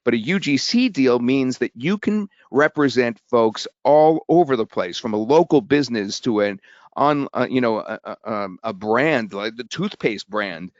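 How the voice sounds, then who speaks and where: A man hosting a live sales webinar, talking in an excitable, rambling way with restarts. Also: medium pitch, moderate pace, dry recording. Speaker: webinar host. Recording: dull webinar audio.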